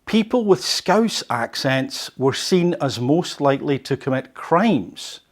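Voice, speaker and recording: A man's voice: mid-range voice, sing-song, slow pace. A male podcast host who reads an article and comments on it, conversational and fond of rhetorical questions. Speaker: host of a language learning podcast.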